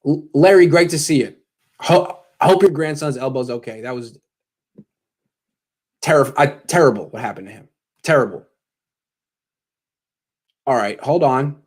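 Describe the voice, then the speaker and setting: A man's voice: mid-range voice, moderate pace, pauses often. A young man hosting a postgame live stream, joking sarcastically and answering donations, his voice cracking when he gets worked up. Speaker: sports show host.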